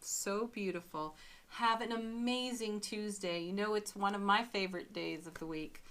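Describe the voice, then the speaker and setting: A woman giving a daily tarot card reading, gentle and affirming, with frequent soft laughs. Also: medium pitch, normal speed.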